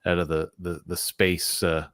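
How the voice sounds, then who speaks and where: Really deep-voiced guy chatting, kinda rambly, hunts for words, dry close sound. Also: level tone, a little slow, a bit bright, dry recording. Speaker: co-host. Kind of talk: casual chat.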